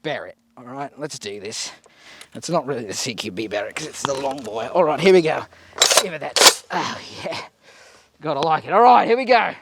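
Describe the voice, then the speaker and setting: An Australian man hosting a casual shooting vlog outdoors at a range, excitable and swearing constantly as he hypes himself up. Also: medium pitch, moderate pace, very noisy. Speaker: host.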